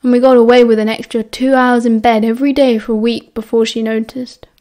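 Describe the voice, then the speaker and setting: A woman with a British accent voicing a quiet, thoughtful teenage schoolboy who speaks mildly. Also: on the high side, little pitch movement, a little fast, lightly acted. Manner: mild, thoughtful.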